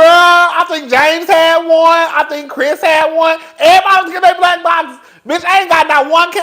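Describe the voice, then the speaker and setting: A man's voice: extremely high pitch, normal speed, few pauses. A man hosting a casual gossip commentary stream, laughing often and talking in a profane, sassy way. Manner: laughing, animated, profane, sassy, talks to the chat as "girl". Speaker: YouTube commentary host.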